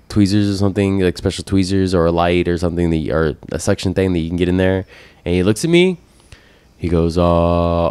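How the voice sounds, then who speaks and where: A man's voice: mid-range voice, clear, resonant tone, no room sound. A man co-hosting a casual podcast, telling stories and acting out both sides of conversations. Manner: animated storyteller, acts out both sides of conversations. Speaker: podcast co-host. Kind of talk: casual storytelling chat.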